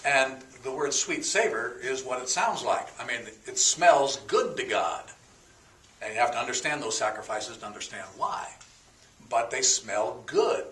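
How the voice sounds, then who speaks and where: A man's voice: medium pitch, lively intonation, a little slow, a bit bright, distant mic, a little hiss or hum. A man preaches a teaching sermon, breaking words down one by one and slipping into folksy asides with plenty of fillers. His voice sits in a middle range and reaches the mic from a little way off, with an echoey room around it. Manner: explains word by word, folksy with a told joke and fillers. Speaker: pastor.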